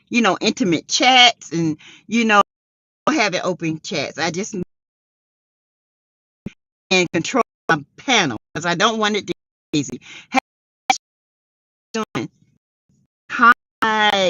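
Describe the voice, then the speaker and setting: A middle-aged woman hosting a casual livestream chat, greeting viewers by name and breaking into high excited exclamations. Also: no echo, muffled recording. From South Carolina. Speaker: livestream host.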